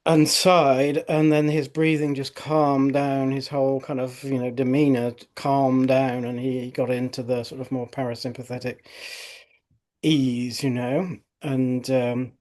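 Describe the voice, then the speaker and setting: A middle-aged male osteopath recounting patient cases in a relaxed podcast conversation, full of fillers like "you know". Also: medium pitch, unhurried. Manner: conversational storytelling with frequent fillers.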